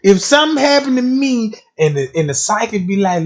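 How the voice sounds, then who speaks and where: This livestream host, a man with a country Southern US accent, talks fairly quickly in a high, very animated voice. His casual speech is full of profanity and stumbles into repeated words, and he keeps checking that listeners are with him.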